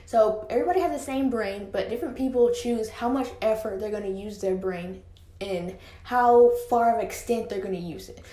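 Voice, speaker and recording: Teen girl rambling on her podcast, kinda high mellow voice, roomy echo. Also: moderate pace. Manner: chatty, lots of "like" fillers. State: slightly out of breath. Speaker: podcast host. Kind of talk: casual solo podcast chat. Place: home room, indoors.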